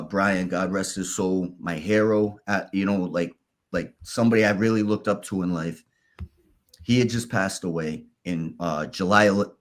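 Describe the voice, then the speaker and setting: Guy on a podcast, telling his story, lots of restarts, candid and halting. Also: lowish voice. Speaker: podcast guest. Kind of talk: casual storytelling.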